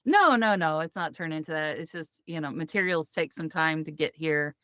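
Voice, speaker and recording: A woman co-hosting a casual podcast from a clothes closet, chatty and quick to laugh. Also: low voice, animated, a bit bright, smooth, dry recording, clean studio sound. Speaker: podcast co-host. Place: walk-in closet among hanging clothes.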